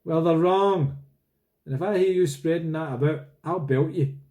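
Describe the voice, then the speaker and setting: Angry teen boy, threatening, higher voice, read by a man, mellow dark tone. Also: moderate pace, natural voice. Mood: defiant. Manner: heated, threatening. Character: angry, defiant teenage schoolboy.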